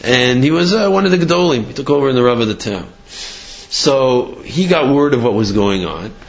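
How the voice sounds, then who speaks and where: A man telling a story to a class in an animated way, with frequent restarts and acted-out quotes. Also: medium pitch, normal speed. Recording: muffled lo-fi recording.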